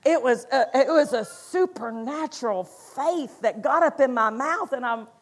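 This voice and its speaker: A woman's voice: high-pitched, unhurried. A woman pastor preaching a sermon in a conversational way, acting out quotes and laughing between points.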